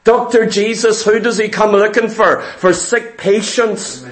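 A man's voice: sits high, fairly even intonation, measured pace, a bit bright, rough recording. A man preaching a sermon, repeating key words and asking the congregation questions.

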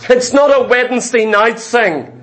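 Male preacher, strikingly high pitch, emphatic sermon delivery that drives points home by repetition. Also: a little slow, a bit bright. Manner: emphatic, rhetorical questions and repeated phrases. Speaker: pastor.

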